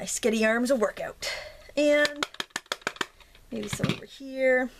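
A woman's voice: fairly high pitch, big pitch swings, a little slow, creaky, long pauses, noisy background. A woman hosting a craft tutorial, chatting casually as she works, rambling with fillers and self-corrections. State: slightly out of breath from pressing stamps.

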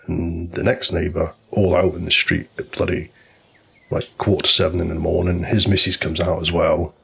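A man's voice: low-pitched, flat delivery, normal speed, gravelly, a bit bright, slightly rough, faint music behind. A man casually telling a long, rambling story while commenting on a golf video game. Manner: chatty storyteller, loose and informal, many restarts.

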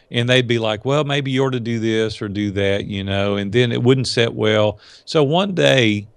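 Folksy man, gravelly voice. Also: mid-range voice, no room sound. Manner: folksy, animated storyteller acting out quotes. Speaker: podcast guest, entrepreneur. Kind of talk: storytelling in a casual interview.

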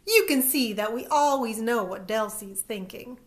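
A woman's voice: on the high side, normal speed, lightly acted. A woman reading aloud, voicing a cheerful, fussy older grandmother. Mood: chatty. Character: warm chatty older grandmother.

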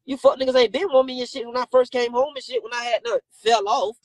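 A man's voice: very high voice, level tone, fast talker, no room sound, low-quality recording. Brash, profane man ranting on a live stream. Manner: brash, profane, confrontational, repeats insults at critics. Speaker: rapper and comedian on a live stream.

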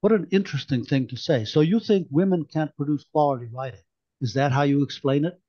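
A man voicing an indignant, sharp-tongued woman activist who fires off sarcastic, pointed questions. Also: fairly high pitch, lively intonation, a little slow, no echo, lo-fi sound.

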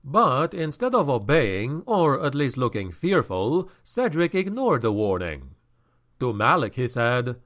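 A male narrator reads a dark fantasy novel in a slow, deliberate tempo. His pitch rises and falls expressively to heighten the drama. His delivery sounds scripted and carefully paced. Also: very animated. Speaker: audiobook narrator.

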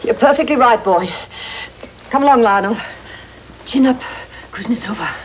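A woman's voice: a little high, moderate pace, background noise, natural voice. An actress playing a grand, commanding female ballet company matron in a 1940s film, imperious and theatrical.

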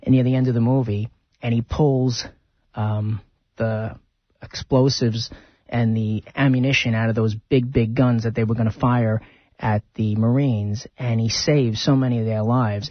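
A man's voice: mid-range voice, steady tone, normal speed, dry recording, highs cut off. A man hosting a radio show, chatting casually and rambling through film stories.

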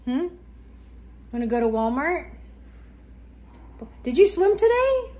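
A woman's voice: sits high, very animated, slow, dark tone. A mother chatting casually on a family vlog, doting and affectionate toward her son.

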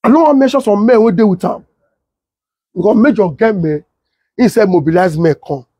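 A young man with a Nigerian Pidgin accent tells a comic tale with lively, animated delivery. His voice sits high and slightly husky. The sound is dry and close. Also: normal speed, dry recording. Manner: animated, laughs often, mimics sirens. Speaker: comedian storyteller.

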